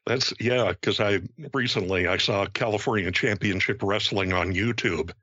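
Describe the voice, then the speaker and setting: A man in his fifties chatting on a podcast, speaking haltingly with many restarts. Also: lowish voice, sharp tone, no room sound. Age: 50s. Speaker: podcast co-host. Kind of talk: casual podcast chat. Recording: dry, dull lo-fi sound.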